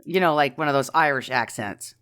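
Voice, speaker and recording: A woman's voice: extremely low pitch, brisk, a bit bright. A woman chatting casually about a film, offhand and teasing. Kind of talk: casual movie review chat.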